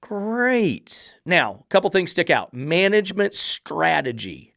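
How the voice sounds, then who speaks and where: A middle-aged man with a fairly high voice gives a dog trainer's blunt, sarcastic commentary. He talks straight at the listener, swearing at times, and the sound is dry and close, with no room echo. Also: big pitch swings, normal speed, gravelly, fairly bright tone. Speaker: dog trainer hosting a podcast. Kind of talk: commentary reacting to a read-out text.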